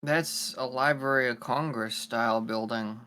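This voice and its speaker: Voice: mid-range voice, steady tone, a little slow, pushed and bright. Casual joking player, mid-range voice, describing character actions. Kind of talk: tabletop game play.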